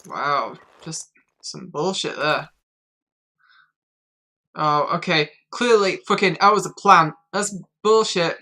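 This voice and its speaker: Northern English woman streamer, low and bright, wry and chatty, casual swearing. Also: a little slow, long pauses. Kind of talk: live game stream commentary.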